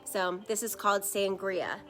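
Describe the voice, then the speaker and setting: A woman's voice: mid-range voice, unhurried, fairly bright tone, faint music behind. A woman hosting a live shoe showcase, chatty and upbeat, talking straight to viewers. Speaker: shoe store host.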